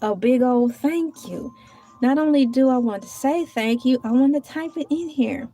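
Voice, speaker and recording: A woman's voice: sits high, moderate pace, mellow. A woman live streaming from home in casual chat, thanking viewers and talking to herself while she types and searches around her table. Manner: chatty, talks to herself while searching and typing.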